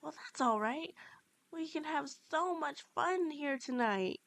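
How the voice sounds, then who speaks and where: A woman voicing a cheerful, childlike male animatronic sun who talks in a bubbly, excited, sing-song way in a fan audio story. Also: sits high, normal speed, no echo, pitched above the performer's own voice, full character voice.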